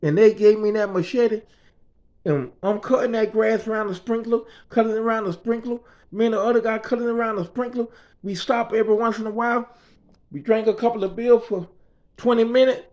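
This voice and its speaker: A man's voice: high-pitched, fairly even intonation, brisk, a little mellow. A man from the Bahamas telling a story from his own life in casual, profane slang, acting out what others said and repeating phrases for rhythm. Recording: slightly dull lo-fi recording.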